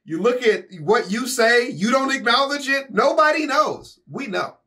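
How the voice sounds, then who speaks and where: A man's voice: very high-pitched, animated, a little slow, sharp tone. A man hosting a reaction video, bantering casually and jokingly with his wife. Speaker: reaction channel host.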